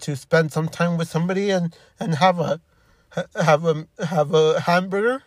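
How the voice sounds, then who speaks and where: A man in his fifties talking in an emotional monologue, halting and repeating himself, frustrated and upset. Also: a little high, no echo. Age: 50s.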